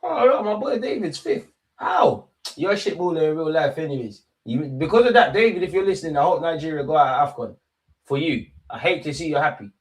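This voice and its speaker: A man's voice: on the high side, lively intonation, brisk, slightly rough. Chatty man streaming a watch-along. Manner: chatty, loose banter with chat, slangy. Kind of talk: casual live watch-along chat.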